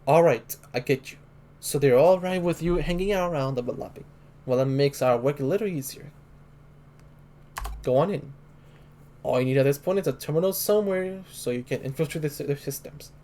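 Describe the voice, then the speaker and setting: A rambling, friendly contact keeps talking on the line and drifts off topic, as a gamer reads the part aloud. The voice stays close to an everyday speaking voice, relaxed and conversational, with no real character acting. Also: medium pitch, a little fast, a little hiss or hum, close to an everyday voice. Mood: chatty.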